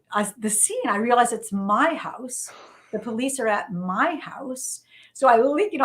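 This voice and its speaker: Middle-aged woman, interview guest, lively storyteller, repeats phrases for emphasis, slightly high voice. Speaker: interview guest, journalist and novelist.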